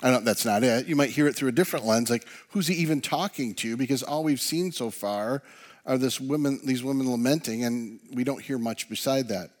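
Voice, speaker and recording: A male pastor delivers an earnest sermon in a mid-range voice. He often drops to a soft hush on key words. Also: mid-range voice, a little fast.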